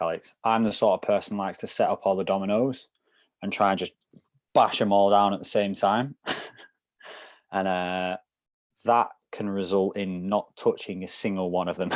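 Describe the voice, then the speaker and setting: A man's voice: sits low, fairly even intonation, moderate pace, long pauses, no echo. A man co-hosting a wellness coaching discussion, explaining things loosely with many "so" and "kind of" fillers. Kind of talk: casual group discussion.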